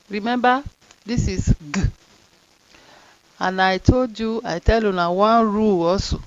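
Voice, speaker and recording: Slow Nigerian woman teacher. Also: mid-range voice, dry recording, highs cut off. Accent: Nigerian Pidgin. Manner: slow, drawn-out sounding of letters and words. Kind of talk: phonics lesson in Pidgin.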